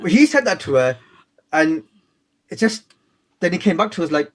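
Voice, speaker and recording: Lively man, slangy storyteller. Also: on the high side, normal speed, slight background noise. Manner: lively, chatty, playful storyteller. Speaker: guest author. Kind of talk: casual radio interview. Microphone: radio studio microphone.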